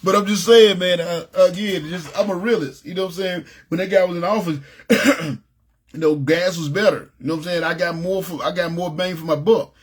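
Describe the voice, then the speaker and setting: A man's voice: sits high, fairly even intonation, fairly quick, breathy edge. A man teaching a casual Bible lesson to a ministry group, talking conversationally and often checking in with his listeners. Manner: conversational, often asks "you know what I'm saying".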